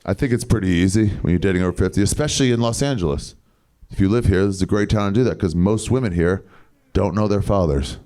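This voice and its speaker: A man's voice: sits low, fast talker, dark tone. A man doing improvised stand-up crowd work in a big comedy club, telling loose, wry stories with crude punchlines. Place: large comedy club main room. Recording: live club with crowd laughter. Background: audience laughter.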